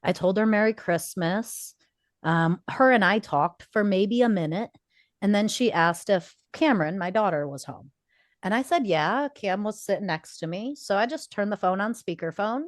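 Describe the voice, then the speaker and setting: A woman's voice: medium pitch, expressive, moderate pace, no room sound. A woman in her forties co-hosts a casual podcast, recounting a personal story earnestly and slipping into the voices of the people she quotes. Her voice sits in an ordinary middle range, recorded close and dry with no room sound. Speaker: podcast co-host.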